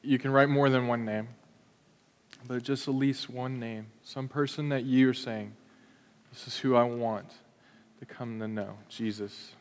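Calm pastor guiding a church in a hall. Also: male voice, medium pitch, unhurried. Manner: calm, directive, gentle instructions. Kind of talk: sermon, leading a congregation. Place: church auditorium. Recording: reverberant hall sound.

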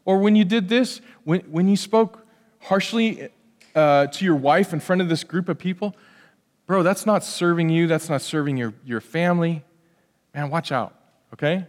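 Animated preaching man in a reverberant church. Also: sits high, normal speed. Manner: animated preaching, swings between hushed asides and loud emphatic peaks. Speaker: pastor. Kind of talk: sermon. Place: church sanctuary.

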